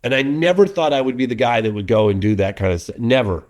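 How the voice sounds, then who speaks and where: Speaking fast at a medium pitch, this middle-aged man makes documentaries and is being interviewed in a relaxed way. He's a lively storyteller who keeps restarting sentences and performs the quotes he relays.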